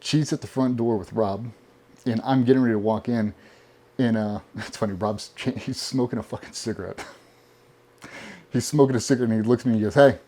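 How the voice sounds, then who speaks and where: A man being interviewed, telling animated stories casually with plenty of swearing. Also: medium pitch, fairly quick. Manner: profane, animated storyteller. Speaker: podcast guest.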